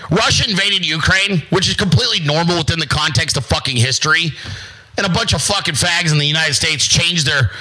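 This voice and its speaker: A man's voice: fairly high pitch, a little fast, bright, forceful tone, rough recording. A man in his forties ranting profanely and defiantly as the host of a casual talk stream. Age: 40s. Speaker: livestream host.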